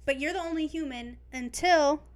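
A woman's voice: high-pitched, normal speed. A young woman chatting casually as a podcast co-host, rambling and laughing often. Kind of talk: casual chat.

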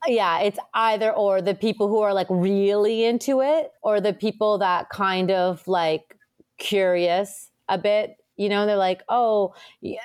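A woman acupuncturist chatting casually as an interview guest, telling stories in a lively way with lots of fillers. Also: medium pitch, smooth. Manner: chatty, animated storytelling with many fillers.

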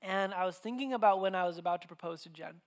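Animated, conversational young preacher man. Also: high voice, fast talker. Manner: animated, conversational, many restarts. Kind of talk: sermon with personal storytelling.

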